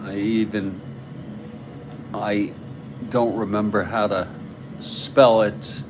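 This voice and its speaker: Slow-talking New York man calling a board game. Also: on the low side, level tone, noisy background. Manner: slow, rambling, chats with live viewers between plays. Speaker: tabletop baseball replay host. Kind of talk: play-by-play of a board game with chat.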